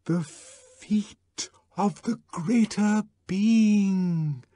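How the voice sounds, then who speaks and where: Booming synthetic ritual voice, put on by a male reader. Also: very slow, dark tone, no echo, clean studio sound, heavily acted. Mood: eerie whisper. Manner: chanting, stretched-out words.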